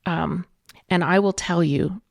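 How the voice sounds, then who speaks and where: A middle-aged woman, a podcast guest, arguing her position in an earnest, measured way. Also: fairly low pitch, fairly even intonation, gravelly, dry recording, studio quality. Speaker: guest, political candidate. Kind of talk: debate in a podcast interview.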